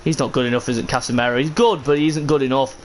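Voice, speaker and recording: A man live-streaming a football video game, commentating his own match with frustration and bursts of shouting. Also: mid-range voice, fairly even intonation, fast, slight background noise.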